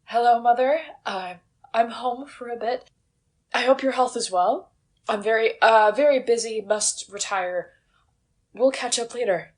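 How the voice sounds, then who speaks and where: A stoic young nurse, voiced by a woman who holds her feelings tightly in check. She talks slowly and haltingly, in a slightly high voice. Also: darkish tone, lightly acted. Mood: restrained. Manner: restrained, halting.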